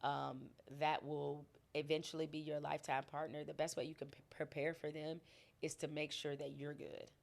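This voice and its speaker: Low gravelly woman, candid guest. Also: flat delivery, normal speed. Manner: candid, emphatic, laughs often. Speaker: podcast guest. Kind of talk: casual interview conversation.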